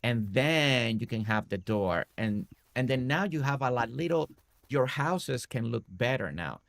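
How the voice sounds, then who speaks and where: A man with a gravelly, creaky voice at a middle pitch talks through a game build in a relaxed tutorial way. He walks the listener through each step, tagging his points with "right?", and sounds close and dry with no room echo. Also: unhurried. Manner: explains step by step, often adding "right?". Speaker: game streamer. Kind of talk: casual building tutorial commentary.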